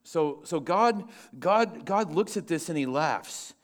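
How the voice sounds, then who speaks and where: Guy preaching a sermon, kinda high voice, gets loud then goes quiet. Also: slow. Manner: animated preaching, swings between loud and hushed. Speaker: pastor.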